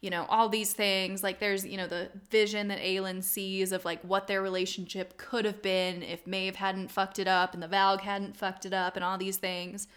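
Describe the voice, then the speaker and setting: A woman's voice: mid-range voice, little pitch movement, moderate pace, few pauses, fairly bright tone. A young woman co-hosting a podcast in casual chat, emphatic and swearing for emphasis. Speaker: podcast co-host.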